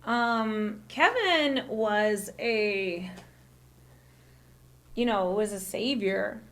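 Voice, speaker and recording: A woman's voice: mid-range voice, very slow, fairly bright tone. A woman from the American South chatting casually on a livestream, rambling with many fillers and restarts.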